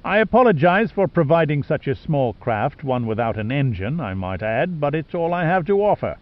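A man voicing a cold, sadistic wealthy villain who speaks in a slow, smooth, higher voice. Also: big pitch swings, muffled recording. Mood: cold menace. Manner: slow, smooth and raised in pitch.

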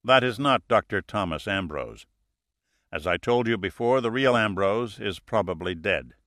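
A man voicing a calm, dry-witted male hero, speaking in a measured, softly firm way. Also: on the low side, dry recording.

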